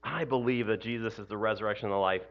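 A man's voice: lowish voice, quick pace, lo-fi sound. Conversational man preaching an Easter sermon. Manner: conversational, frequent "you know" and "right?", self-deprecating laughs. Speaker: pastor.

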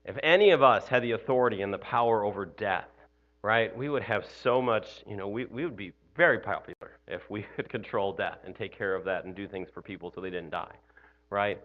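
A male pastor gives an Easter morning sermon in a loose, conversational style, often tossing in "you know" and "right?" along with self-deprecating laughs. His voice is fairly low and brisk, and the sound is lo-fi.

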